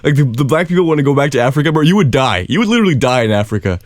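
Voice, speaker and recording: Animated laughing man, dry sound. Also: mid-range voice, racing, no echo. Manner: animated, laughs often, swears. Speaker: podcast co-host. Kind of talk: casual comedic chat.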